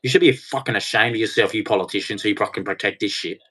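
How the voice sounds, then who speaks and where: A man's voice: fairly low pitch, quick pace, a bit bright. A man delivering an angry, heated rant, swearing and speaking with hard emphasis. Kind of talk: angry ranting monologue.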